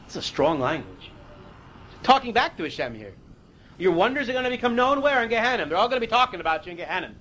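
A man's voice: high voice, very animated, fast talker, bright, forceful tone, poor audio. A man teaching a Torah class, reading Hebrew verses and explaining them in a casual, conversational way, sometimes losing his place.

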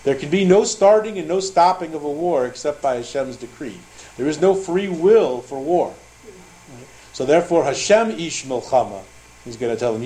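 A man with a slightly high voice teaches a Torah class. He moves between Hebrew verses and quick English translation, acting out the back-and-forth dialogue with lively energy. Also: rough recording. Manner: translates Hebrew phrase by phrase, animated retelling.

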